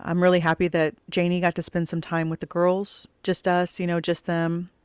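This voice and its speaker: A woman's voice: lowish voice, completely flat delivery, moderate pace, clean tone, no echo. A middle-aged woman hosting her own podcast, telling a personal story in a rambling, chatty way, full of "like", with a wistful, grieving undertone. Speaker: podcast host.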